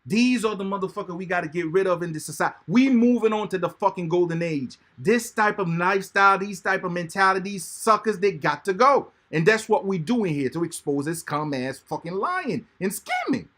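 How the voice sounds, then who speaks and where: Bright-voiced man ranting profanely. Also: sits high, fairly quick, hardly any pauses. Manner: animated, profane, mocking rants. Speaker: co-host. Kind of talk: profane commentary talk show.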